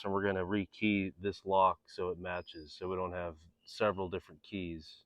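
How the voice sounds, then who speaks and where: A man with a slightly low voice walks through a home repair job step by step. He talks in a plain, casual way as he works with his hands and speaks to viewers like a friendly host. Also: measured pace, smooth, dry recording, highs cut off. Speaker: DIY video host. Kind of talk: casual step-by-step how-to tutorial.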